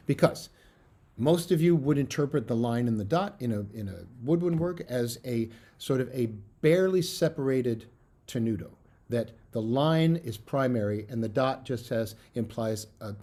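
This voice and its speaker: A middle-aged man giving a recorded music lecture as a bassoon professor, earnest and emphatic, with fillers. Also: dark tone.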